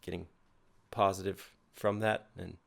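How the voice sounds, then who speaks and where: Excitable man breaking down rap lyrics. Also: low-pitched, measured pace, creaky. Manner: enthusiastic, analytical, profane. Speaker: rapper reacting to music videos. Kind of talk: casual reaction commentary.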